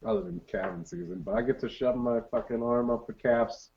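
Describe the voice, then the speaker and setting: A man's voice: mid-range voice, lively intonation, brisk, creaky. A man co-hosting a podcast in casual chat, joking, swearing and laughing a lot. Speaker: podcast co-host. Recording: dull, muffled audio.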